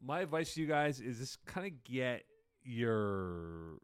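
A man co-hosting a casual sports podcast, relaxed and rambling, laughing now and then. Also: medium pitch, takes it slowly, clean tone, no room sound, clean studio sound. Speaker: co-host.

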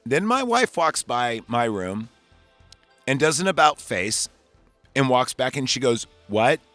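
A man's voice: medium pitch, a little slow, dry recording. Male podcast host, casual and profane, rambling recap delivery, faint music bed. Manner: rambling, profane, animated retelling. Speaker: podcast host reviewing a movie. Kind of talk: casual chat.

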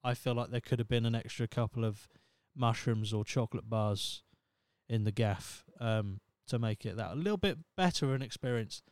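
A young man hosts a comedy podcast, reading articles aloud and breaking off into sarcastic, profane rants. His voice is smooth and full-bodied. The sound is dry, with no room around it. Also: mid-range voice, moderate pace, darkish tone, no echo. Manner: ranting, sweary, sarcastic asides. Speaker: podcast host. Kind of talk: casual comedic commentary.

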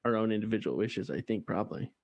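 A man's voice: lowish voice, animated, quick pace, a little mellow, highs cut off. A man playing a tabletop game over a video call, thinking aloud with hesitations. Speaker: player.

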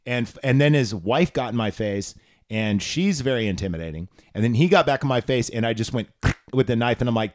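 A man's voice: mid-range voice, expressive, fairly quick, darkish tone. A man hosting a podcast, telling rambling, crude, jokey stories in casual chat. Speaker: podcast host.

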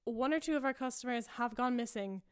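A woman's voice: fairly high pitch, a little fast, clean tone, close to an everyday voice. A woman playing a heartbroken wife who turns on her husband with indignant, accusing lines. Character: heartbroken wife, failed sock puppet maker.

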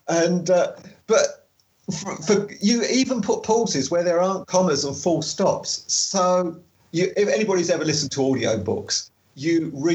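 A man with a fairly high speaking voice chats on a podcast. He is animated and laughs easily. When he reads aloud he slows into a careful, measured delivery. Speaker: podcast co-host and travel author. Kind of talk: casual podcast chat.

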